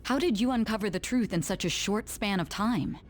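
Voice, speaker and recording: A woman's voice: medium pitch, a little fast, lightly acted. An actress voicing a stern female interrogator in a video game, coolly probing with clipped questions. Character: stern adult female interrogator, cold and suspicious. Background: game music.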